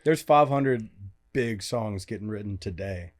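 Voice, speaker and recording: A man in a casual interview, giving thoughtful, measured explanations. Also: fairly low pitch. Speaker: guest songwriter.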